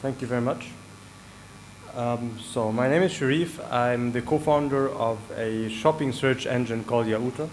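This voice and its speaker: A man from Egypt, a startup co-founder, giving a conference talk in a measured way with frequent "uh" fillers. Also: mid-range voice, a little hiss or hum, rough recording. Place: conference hall.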